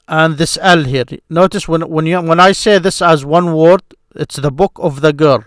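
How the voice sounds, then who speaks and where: A man's voice: a little high, no echo, clean studio sound. A man teaching an Arabic grammar lesson, speaking patiently and sounding out syllables again and again. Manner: slow, patient, repeats syllables aloud. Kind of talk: screen-share grammar lesson.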